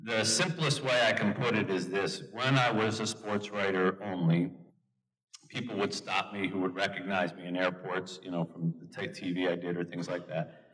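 A man's voice: low-pitched, moderate pace. A middle-aged man, an author, telling anecdotes with jokes and voices in an audience Q&A at a large event hall. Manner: animated storyteller, jokes and mimics others. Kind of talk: storytelling answers in an audience Q&A. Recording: long hall reverb.

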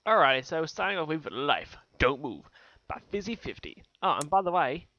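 A young man with an Australian accent, giving excitable let's-play commentary with sudden yelps and loud outbursts. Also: a little high, brisk, muffled recording. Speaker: gaming channel host. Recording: noisy home recording.

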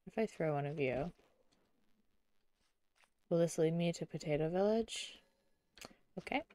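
A woman's voice: sits low, measured pace. Giggly young woman streaming a game. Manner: chatty and giggly, often murmuring quietly to herself. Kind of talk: casual gameplay chat.

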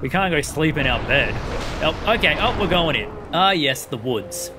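A man hosting a gameplay video, talking in an excitable, rambling way. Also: fairly high pitch, normal speed. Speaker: let's play host. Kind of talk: gameplay commentary. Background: game music.

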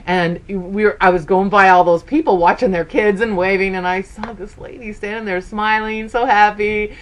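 Chatting casually at a normal speed, a woman in her fifties who runs a sewing vlog tells stories with plenty of "okay"s. Her tone is steady, but her pitch leaps up when she voices quoted lines, and there's slight background noise.

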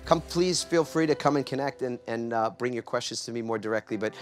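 A man's voice: mid-range voice, brisk, faint music behind. A middle-aged man from New York gives a motivational talk to a live audience, coaxing them to answer back. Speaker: speaker.

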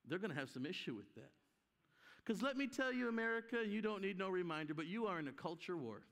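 A man's voice: high voice, expressive, fast, vocal fry, fairly bright tone. A man preaching a conference sermon with emphasis, acting out the voices of people in his story. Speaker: guest preacher. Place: church hall. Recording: live hall with long reverb.

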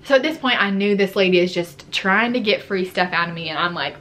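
A woman's voice: medium pitch, a little fast, a bit bright. A young adult woman vlogger telling a story in a casual, chatty way, full of "like". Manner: chatty, fillers like "like" throughout.

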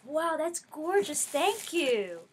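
A woman unboxing gifts in a casual vlog, gushing over each one and dropping to a softer tone when she explains. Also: sits high, very animated, slow, low-quality recording. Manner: gushing, effusive. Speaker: vlogger.

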